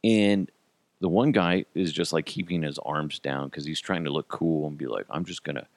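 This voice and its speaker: A man hosting a podcast, telling a profane, animated story in a casual way and laughing at his own jokes. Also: very deep voice, moderate pace, dry recording. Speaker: podcast host.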